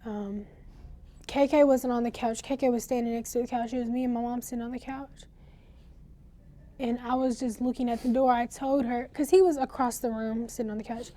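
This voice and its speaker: A teenage girl in an interview, telling of a traumatic night in a halting, shaken way, with pauses and restarts. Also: on the high side, fairly even intonation, dark tone. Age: teens. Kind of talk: recounting a personal ordeal in an interview.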